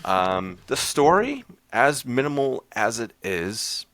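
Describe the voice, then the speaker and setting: A man's voice: mid-range voice, very animated, slow, a bit bright, no room sound. A man hosting a podcast, casually recapping a horror short film in a rambling, loose way full of fillers. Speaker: podcast host reviewing horror short films.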